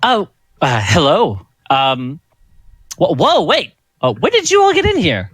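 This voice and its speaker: A man's voice: mid-range voice, very animated, measured pace, fairly bright tone, breathy edge, no room sound, full character voice. A man voicing an absent-minded male wizard scholar who muses aloud, in a raised voice. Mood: musing.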